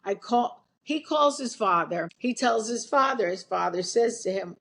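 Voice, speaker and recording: Older New woman, blunt and brash, higher-pitched, spinning a long yarn. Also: expressive, moderate pace, vocal fry, hardly any pauses, a bit bright, slight background noise. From Brooklyn, New York. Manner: brash, blunt, swears freely. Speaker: guest. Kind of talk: storytelling.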